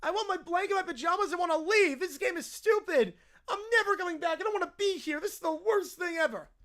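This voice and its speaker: A man voicing an entitled little boy throwing a whining, yelling tantrum. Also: very high-pitched, expressive, fast talker, full character voice.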